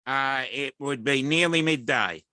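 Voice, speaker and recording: Man guest on a call, bright tense voice, relaxed pace, dry sound. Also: medium pitch, measured pace, clean tone, dry recording. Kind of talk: casual chat on a voice call.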